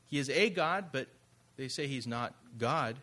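Bright-voiced preaching man. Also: mid-range voice, expressive, unhurried. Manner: conversational preaching with rhetorical questions. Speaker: pastor. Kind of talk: sermon.

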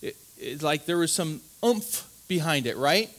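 A man's voice: on the high side, expressive, unhurried, a bit bright. A man preaching a sermon in an earnest, emphatic way, often restarting his words and asking "right?". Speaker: pastor.

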